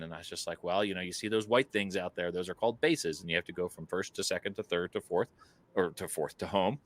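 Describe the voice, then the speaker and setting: A man co-hosting a podcast, telling a travel story in a casual, animated way, full of fillers and laughs. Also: deep voice, fast talker, no room sound. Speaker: podcast co-host.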